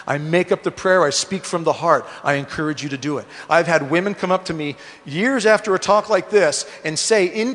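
Middle-aged guy preaching to a room of men, earnest storyteller, bright tone, big hall echo. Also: on the high side. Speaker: speaker at a men's conference. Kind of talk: sermon-style testimony. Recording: long hall reverb.

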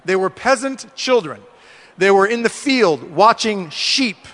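A man's voice: high-pitched, animated, unhurried, fairly bright tone. A middle-aged man giving an earnest, storytelling talk to a men's gathering, speaking to them directly. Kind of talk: sermon-style testimony. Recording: long hall reverb.

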